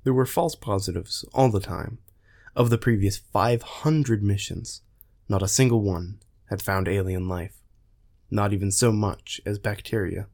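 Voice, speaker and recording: Low-voiced man reading a story. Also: unhurried, creaky, darkish tone. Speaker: narrator.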